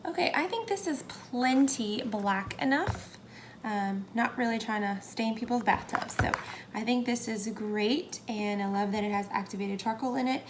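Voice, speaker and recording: A young woman with a fairly high voice narrates a soap-making session at a moderate pace, casual and a bit hesitant, slipping into a whisper now and then as she works. Loud music plays behind her voice, along with faint background noise, in this easygoing how-to.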